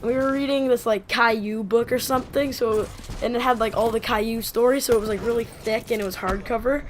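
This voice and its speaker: Woman vlogger, casual storytime, rambling, animated, fairly high voice, faint hiss. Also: brisk. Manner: rambling, animated, many "like" fillers.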